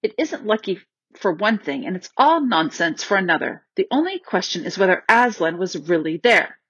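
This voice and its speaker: A woman's voice: lowish voice, very animated, moderate pace, a bit bright, husky, no echo, heavily acted. A woman voicing the eldest boy, a young king who is torn but dutiful, speaking firmly and reasonably in a storybook reading. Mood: reasoning. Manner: firm, reasoning. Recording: dull, slightly lo-fi dry recording.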